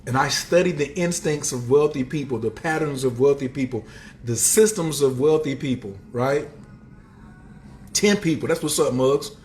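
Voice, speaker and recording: A man's voice: moderate pace, a little hiss or hum. A man hosting a casual motivational livestream, talking in streetwise slang and greeting viewers in the chat. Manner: animated, swings up and down in pitch. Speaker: livestream host and motivational speaker.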